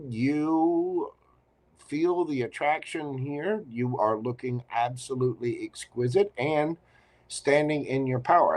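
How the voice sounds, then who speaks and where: A man giving a live tarot reading, chatty and expressive, speaking straight to the viewer. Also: lowish voice. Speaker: tarot reader.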